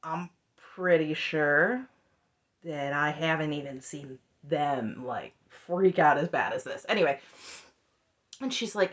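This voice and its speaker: A woman's voice: deep voice, animated, slow pace, dull audio. A woman in her thirties giving a sarcastic, exasperated recap commentary that is often broken up by laughter. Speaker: reality TV recap YouTuber.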